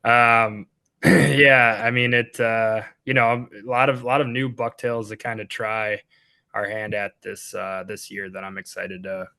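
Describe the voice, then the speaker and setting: A man's voice: fairly low pitch, flat delivery, unhurried, creaky, sharp tone, smooth. A man with a Wisconsin accent hosting a casual fishing podcast, laid-back as he steers the talk to his co-hosts. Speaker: podcast host.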